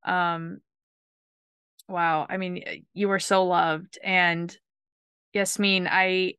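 A woman's voice: on the low side, flat delivery, slow, bright, forceful tone, smooth, no room sound, studio quality. A woman hosting a podcast, talking earnestly and emotionally with many restarts and repeated words. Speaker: podcast host. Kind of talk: heartfelt podcast conversation.

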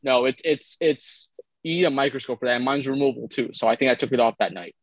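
A young man tells a rambling, crude story in a relaxed podcast chat. His voice sits in a middle range. The sound is dry and close, with no room around it. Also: medium pitch, fast, dry recording, rough recording. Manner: rambling, crude, jokey anecdote teller. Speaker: podcast co-host.

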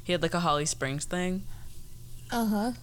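A woman's voice: fairly low pitch, animated, normal speed, a crowd in the background. A woman guest on a podcast chatting casually, mostly chiming in with short reactions. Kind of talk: casual chat.

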